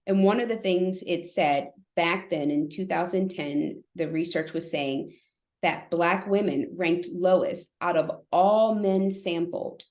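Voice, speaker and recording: Animated woman telling a story in a room. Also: lowish voice, unhurried. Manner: animated, acts out quoted voices. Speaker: guest, therapist. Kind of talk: storytelling in a podcast interview. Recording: echoey room.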